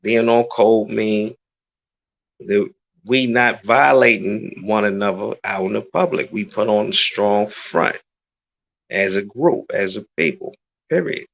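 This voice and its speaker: A man's voice: on the low side, takes it slowly, creaky, lo-fi sound. A man speaking as a guest on an online panel, blunt and profane. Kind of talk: heated panel talk.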